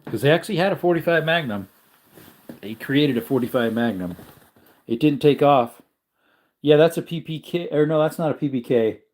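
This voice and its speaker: A man's voice: fairly high pitch, moderate pace. A man hosting a casual livestream, talking in a rambling way and correcting himself, tired and yawning. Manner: rambling, self-correcting, relaxed. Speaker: livestream host.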